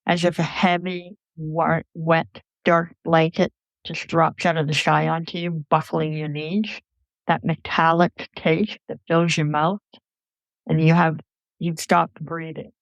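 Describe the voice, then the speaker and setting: A woman's voice: deep voice, level tone, measured pace, no room sound. Woman telling a personal story, dry close mic. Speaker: podcast storyteller.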